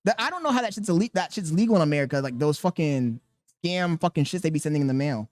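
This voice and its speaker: A young man hosting a podcast, telling a profane story in a casual, animated way. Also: a little high, fast talker, no echo, studio quality. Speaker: podcast host.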